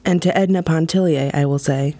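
A woman performing her own spoken-word poem in a wry, deadpan, measured way. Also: low voice, no echo. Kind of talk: spoken-word poetry reading.

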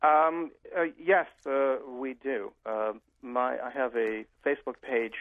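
Doctor guest, man; gravelly, halting, self-deprecating, muffled line. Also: mid-range voice, steady tone, dry recording.

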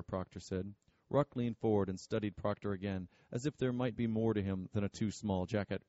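A man narrating an audiobook in a steady, measured way. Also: on the low side, no room sound, dull audio.

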